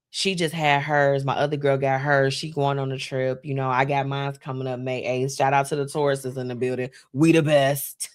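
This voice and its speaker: A woman's voice: a bass voice, no room sound, clean studio sound. A woman hosting a live stream, talking casually and emotionally about her friends. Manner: chatty, heartfelt, emotional. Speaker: host.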